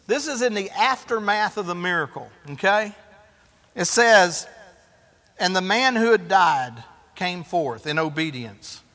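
A man preaches a sermon and keeps asking his congregation rhetorical questions. His voice sits high and bright, and he takes it slowly. A long hall reverb trails behind him. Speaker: pastor.

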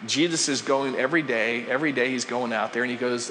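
A male pastor preaching a sermon, moving between hushed asides and emphatic rises. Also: mid-range voice, fast talker, a little hiss or hum. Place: church sanctuary. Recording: long reverb, faint ambience.

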